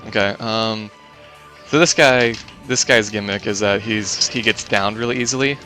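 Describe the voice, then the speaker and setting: Bright-toned man commentating a speedrun. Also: lowish voice, moderate pace, faint music behind. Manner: casual, explanatory, many fillers and restarts.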